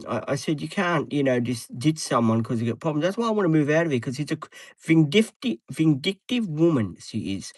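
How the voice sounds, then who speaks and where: A man's voice: fairly high pitch, no echo, rough recording. Aussie guy in his 30s rambling on a live stream, lots of ums, dry close sound. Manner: rambling, repetitive, frequent ums and restarts. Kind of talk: casual live stream chat. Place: inside a parked van, dim light.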